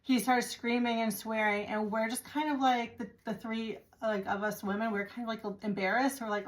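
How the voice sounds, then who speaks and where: A woman's voice: on the high side, steady tone, moderate pace, hardly any pauses. Chatty american woman vlogging a travel story, exasperated, acts out the people in it. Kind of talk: casual storytelling to camera.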